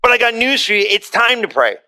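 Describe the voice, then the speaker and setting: A man's voice: very high-pitched, sing-song, fast talker, sharp tone. A man preaching a sermon in a plain conversational way, rising into emphatic readings of scripture before a congregation. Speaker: pastor. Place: church hall with congregation.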